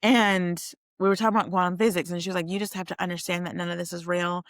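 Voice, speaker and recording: Casting: young woman, vlogger, chatty and animated storytelling, gravelly edge, dry close sound. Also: lowish voice, fast talker, dry recording. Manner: chatty, animated, addresses viewers as you guys. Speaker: vlogger telling a personal story. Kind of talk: casual storytelling to camera.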